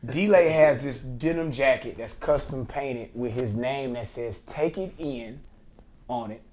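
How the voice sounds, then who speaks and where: Animated storytelling man. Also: medium pitch, a crowd in the background. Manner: animated, fast when imitating. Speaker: podcast host.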